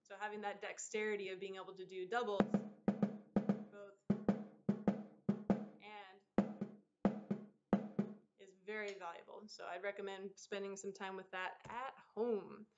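A woman leads a drum lesson, talking through stick patterns in a relaxed, encouraging way and counting beats aloud. The audio is dull and lo-fi, and loud drumming plays under her voice. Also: mid-range voice, a little slow, pauses often, over loud music. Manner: counts aloud and vocalizes rhythms over drumming. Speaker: percussion teacher. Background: loud percussion.

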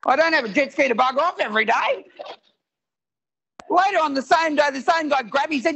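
A high-pitched man in middle age, performing stand-up with a gravelly edge and a bright, sharp tone. He tells his stories in an animated way and shouts his punchlines. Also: a little fast, pauses often. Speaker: stand-up comedian. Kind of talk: stand-up comedy set. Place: live venue with audience.

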